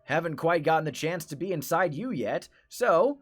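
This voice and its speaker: A man's voice: fairly high pitch, animated, normal speed, voice pushed up. Man doing a sinister, genteel bookseller creature. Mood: unctuous. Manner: courteous, formal, menacing. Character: sinister, overly polite male bookseller entity.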